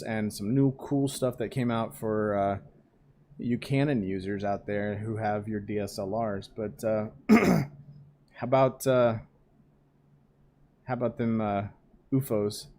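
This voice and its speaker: A man's voice: lowish voice, fairly even intonation, a little slow, a little mellow, a little hiss or hum. A man co-hosting a gaming podcast in casual chat, chuckling often and asking eager questions. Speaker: podcast co-host.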